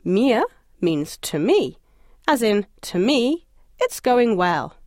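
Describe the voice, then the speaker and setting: Lively woman leading a language lesson. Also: mid-range voice, slow pace, no echo, studio quality. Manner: encouraging, lightly humorous. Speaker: language course instructor. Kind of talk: scripted audio lesson narration.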